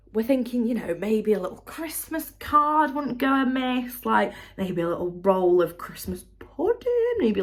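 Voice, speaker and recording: A young woman, telling a story in a chatty, animated, sweary way for her vlog. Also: mid-range voice. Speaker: vlogger.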